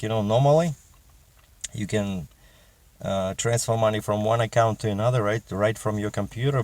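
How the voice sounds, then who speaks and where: A man's voice: medium pitch, a little mellow, no room sound. A middle-aged man with a Russian accent, chatting in a casual vlog as a truck driver and rambling with many fillers and restarts.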